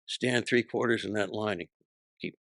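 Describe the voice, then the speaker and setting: A man in his sixties, a comedian guest, telling stories in casual chat with a punchy, profane delivery and quick character voices when he quotes people. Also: lowish voice, a bit bright, no echo, clean studio sound.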